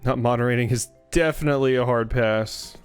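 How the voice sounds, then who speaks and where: A man's voice: medium pitch, steady tone, a little fast, clean tone, dry recording, faint music behind. Chatty man streaming a game. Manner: chatty, reads game dialogue aloud, swears freely. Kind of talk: live gameplay commentary.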